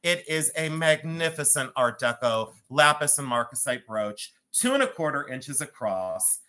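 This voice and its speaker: A man's voice: fairly high pitch, lively intonation, unhurried, bright, forceful tone. Joking Cleveland man selling jewelry live. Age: 50s. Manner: joking, rambling, laughs often. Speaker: live-stream jewelry seller. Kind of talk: chatty live-sale banter.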